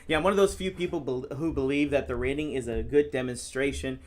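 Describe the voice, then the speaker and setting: A man from the United States commenting live on his own chess games, reading viewer questions aloud and answering in a casual, deadpan sarcastic way. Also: medium pitch, quick pace. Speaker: chess streamer and National Master. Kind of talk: live-stream commentary while playing.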